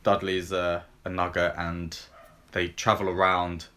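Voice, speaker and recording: A fairly low-pitched man chats casually as a podcast co-host, talking through films he has seen. He rambles, leans on ums and likes, and retells scenes in plain everyday language. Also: flat delivery, a little slow, bright, forceful tone. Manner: rambling and filler-heavy, lots of ums and likes. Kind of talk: casual chat.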